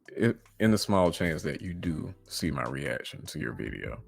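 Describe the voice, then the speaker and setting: A man hosting a reaction video, answering another creator in a casual, measured way and repeating words as he presses his points. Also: a bass voice, very animated, creaky, slightly rough, soft background music.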